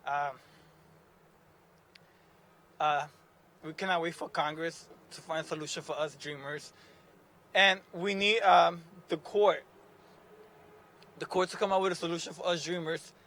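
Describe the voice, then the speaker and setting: A young man speaking at an outdoor rally as named plaintiff, halting and emotional, moving between English and Spanish. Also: on the high side, fairly even intonation, bright, forceful tone. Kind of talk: emotional public speech. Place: outdoor rally outside a courthouse.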